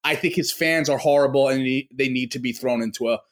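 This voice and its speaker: A man's voice: mid-range voice, fairly quick. A man from New York, a podcast guest, ranting in casual chat, cursing and restarting often. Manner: ranting, profane, full of fillers and restarts.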